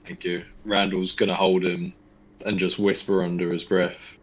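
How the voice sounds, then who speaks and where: A very deep, husky-voiced man describing his character's actions in a tabletop game. He speaks earnestly in plain, declarative sentences. The sound is dull and lo-fi. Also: monotone, normal speed. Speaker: player.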